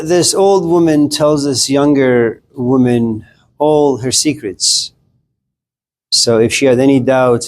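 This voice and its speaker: Man, lecturer, mid-pitched, casual, joking, talks to students. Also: a little mellow. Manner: conversational, joking, addresses the class directly.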